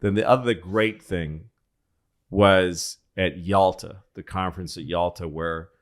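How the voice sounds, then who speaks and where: A man's voice: deep voice, fairly even intonation, a little slow. A man telling a rambling, profane history story on a casual podcast. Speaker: comedian guest.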